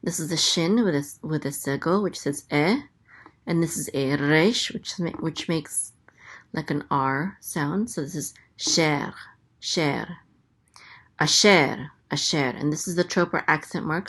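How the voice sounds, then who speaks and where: A woman with a low voice teaches at a slow, unhurried pace. She spells out sounds one at a time and repeats each syllable patiently. The delivery is careful and methodical. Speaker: Hebrew teacher. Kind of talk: slow, careful letter-by-letter lesson.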